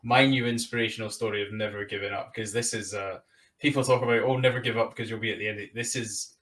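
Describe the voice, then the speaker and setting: A man's voice: on the low side, fairly bright tone, distant mic. A British man hosting a podcast, recapping his guest's story with rambling enthusiasm. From Britain. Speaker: podcast host. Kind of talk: conversational podcast interview.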